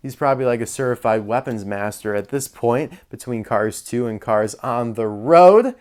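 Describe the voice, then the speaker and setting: A man's voice: medium pitch, expressive, normal speed, a little mellow. A young man casually reviewing die-cast toys, chatty and openly annoyed by poor quality. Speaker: toy reviewer. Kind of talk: casual toy review vlog.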